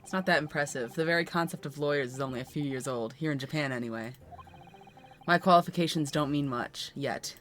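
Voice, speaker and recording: A woman's voice: deep voice, brisk, a bit bright, slight background noise, pitched below the performer's own voice. A woman reading as a proud young male law student. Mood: modest. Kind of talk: reading game dialogue aloud on stream.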